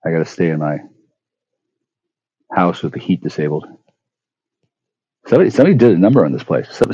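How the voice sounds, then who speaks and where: Man, very low voice, husky, profane rambling rant, stammering restarts, sudden loud bursts, dull dry phone recording. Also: no echo. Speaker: vlogger. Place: at home.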